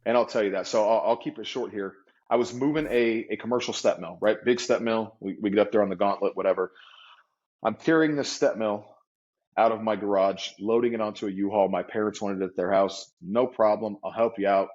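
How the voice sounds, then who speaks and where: A man telling a story as an interview guest, animated and vivid, acting out the people he quotes. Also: fairly low pitch, brisk. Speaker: guest entrepreneur. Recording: slightly dull lo-fi audio.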